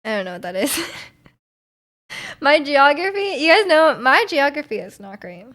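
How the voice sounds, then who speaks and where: A young woman chats with her live stream viewers, rambling and restarting her sentences, often breaking into giggles. Her voice sits a little on the high side. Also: sing-song, normal speed, a bit bright. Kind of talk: casual chat with live chat.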